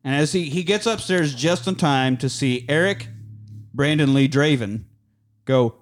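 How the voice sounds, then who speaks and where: A man's voice: a little high, measured pace. Male podcast host, profane and laughing, casual film recap with acted-out lines. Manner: swears a lot, laughs, acts out movie lines.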